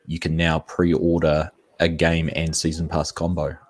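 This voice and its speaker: Gaming channel host, male, low and husky, easygoing. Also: measured pace. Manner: relaxed, reads viewer comments. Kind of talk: casual chat.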